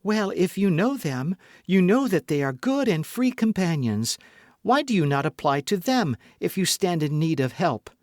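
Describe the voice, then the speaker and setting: Young earnest woman, eager and pleading, voiced by a man, lively pitch, dry. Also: moderate pace, no room sound. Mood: suspicious.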